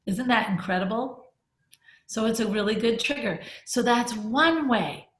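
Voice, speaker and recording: In an echoey room, a middle-aged woman heading a group discussion recounts something personal in an open, conversational way, breaking off to restart and laugh. Her pitch is slightly high and her delivery slightly slow.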